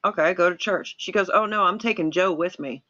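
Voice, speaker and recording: A woman hosting a casual live-stream chat, telling animated stories and acting out the voices of the people in them. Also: on the low side, a little fast, muffled recording. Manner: animated storyteller, acts out quoted voices. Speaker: host.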